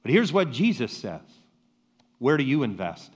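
Slow, emphatic preaching man in a reverberant hall. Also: mid-range voice, very animated, breathy edge. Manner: preaching with slow emphatic pauses and rhetorical questions. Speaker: pastor. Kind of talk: sermon.

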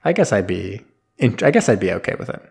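A young adult man hosting a podcast, casually recapping a film in a rambling, animated way with bits of quoted dialogue. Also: lowish voice, quick pace, gravelly, breathy edge. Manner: rambling, animated storyteller with laughs and quoted voices. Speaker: podcast host.

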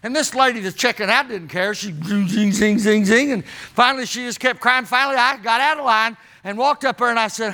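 A man's voice: extremely high pitch, a little fast, hardly any pauses, pushed and bright. A man preaching a sermon in a folksy, emphatic way, calling out to the congregation as he tells stories.

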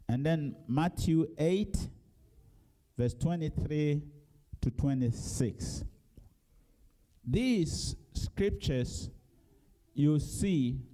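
A man preaching a sermon, reading scripture in a low voice and then rising into loud, emphatic exhortation.

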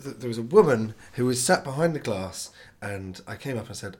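A man's voice: fairly low pitch, big pitch swings, a little fast, few pauses, darkish tone. A man telling a comic anecdote in an exasperated, swearing rant. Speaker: comedian guest.

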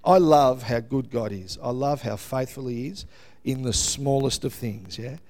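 A middle-aged Australian man preaching a sermon, telling a story with lively exclamations and frequent "yeah?" tags to his congregation. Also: mid-range voice, measured pace. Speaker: pastor.

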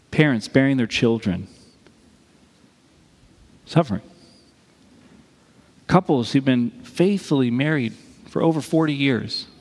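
A man preaching a sermon as pastor, speaking in a lively, conversational way and acting out quoted lines. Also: medium pitch. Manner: animated, conversational, acts out quotes. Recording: reverberant hall.

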